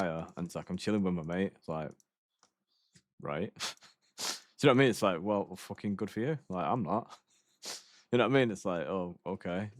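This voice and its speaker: Deep-voiced man, sweary and rambling. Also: no room sound, clean studio sound. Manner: swearing, laughing, rambling storyteller. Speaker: game streamer. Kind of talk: casual chat.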